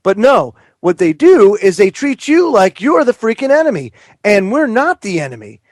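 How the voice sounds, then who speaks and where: A man's voice: high voice, big pitch swings, normal speed, no room sound, clean studio sound. A man appearing as a guest on political talk radio, speaking emphatically and with indignation.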